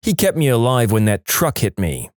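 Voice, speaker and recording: A man's voice: medium pitch, very animated, normal speed, no room sound, studio quality, natural voice. A man doing folksy cousin Al.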